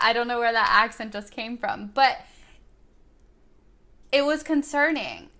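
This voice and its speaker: A woman's voice: a little high, expressive, unhurried, pauses often, pushed and bright. A young woman vlogger telling a personal story in an earnest, reflective way, now and then quoting her own words. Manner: earnest and thoughtful, quoting herself in dialogue.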